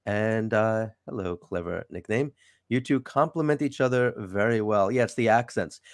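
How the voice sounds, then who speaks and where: A man with a New York accent, born in the city, hosting a casual interview with wry, animated chat. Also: lowish voice, normal speed, no room sound, studio quality. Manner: chatty, wry, animated sign-offs. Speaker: show host.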